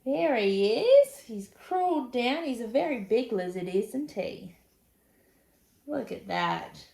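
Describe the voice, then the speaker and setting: A woman reading a children's picture book aloud, with expressive, chatty asides to young listeners. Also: fairly high pitch, slow, creaky, echoey room. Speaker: storybook reader.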